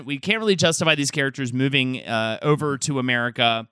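Bright, crisp man on a dry mic. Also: medium pitch, no room sound. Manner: lively storyteller, quick asides. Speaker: podcast co-host. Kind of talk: casual chat.

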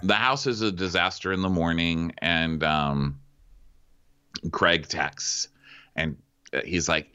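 A man's voice: sits low, slow, pauses often, sharp tone, clean tone, lo-fi sound. A man co-hosting a podcast over a video call, recapping the show casually with dry jokes. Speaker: podcast co-host. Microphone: remote video call.

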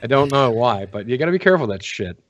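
A man's voice: mid-range voice, very animated, rapid-fire, dry recording, muffled recording. Rambling man telling stories, dry sound. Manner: self-deprecating, rambling storyteller. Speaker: guest panelist. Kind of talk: casual podcast chat.

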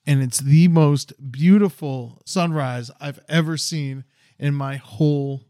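A man in his forties tells a long, rambling story with plenty of swearing. His voice sits a little high for a man, and the sound is dry and close with no room echo. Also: slow pace. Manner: rambling, profane, animated storyteller. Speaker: podcast co-host. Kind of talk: casual storytelling chat.

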